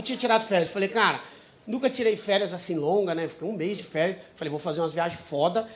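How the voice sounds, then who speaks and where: A man with a Brazilian Portuguese accent doing stand-up, telling a loud, profane story. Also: high-pitched, rapid-fire, crowd noise, background noise. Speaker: stand-up comedian.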